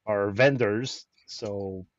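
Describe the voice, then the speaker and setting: A man's voice: on the low side, very slow, no room sound. French canadian guy chatting about a delayed order, stumbles and restarts a lot, dull dry sound. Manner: animated storytelling with repeated restarts. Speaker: host of a weekly chat stream. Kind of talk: casual chat.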